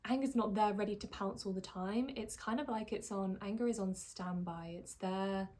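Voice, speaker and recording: A woman, a life coach speaking in a calm, thoughtful monologue that slows and softens for emphasis. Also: mid-range voice.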